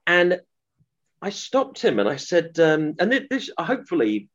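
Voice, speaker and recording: This author guest has a high-pitched voice that swoops wildly and moves a little slowly, captured with lo-fi sound. Interviewed about his work, he earnestly rambles through a long story full of restarts, fillers and quotes he acts out.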